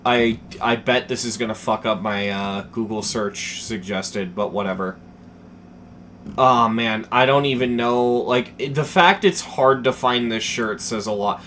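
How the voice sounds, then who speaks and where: A young man chatting casually as a streamer, telling a story with lots of swearing, dropping to mumbles and then getting excited. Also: medium pitch, unhurried, a little hiss or hum. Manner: animated, profane, swings between mumbling and excited.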